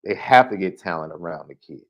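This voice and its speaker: A man hosting a live sports podcast, chatting casually and reading out viewer predictions with excited jumps in his voice. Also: brisk. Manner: animated, excitable, jumps in pitch. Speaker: podcast host.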